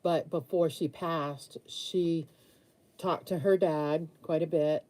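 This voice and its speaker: A woman's voice: sits low, fairly even intonation, slow pace, a little mellow. A woman in her sixties, chatting candidly with viewers while she paints during a live stream. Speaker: livestream host answering viewer comments.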